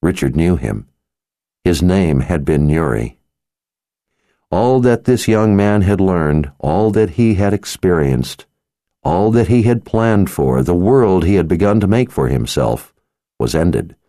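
A man narrating an audiobook in a measured, dramatic reading voice. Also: sits low, big pitch swings, warm tone, dry recording. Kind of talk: scripted narration.

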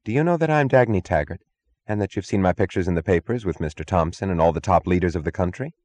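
A man's voice: low-pitched, expressive, a little mellow. A man voicing a cool, commanding woman. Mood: cold, commanding. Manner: level, firm and unhurried.

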